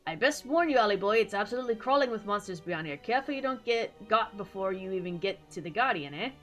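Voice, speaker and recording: A woman's voice: mid-range voice, lively intonation, fast, a bit bright, faint music behind, natural voice. A woman voicing a cheeky little male fairy sidekick in a put-on Scottish accent, reading game dialogue with chatty slang.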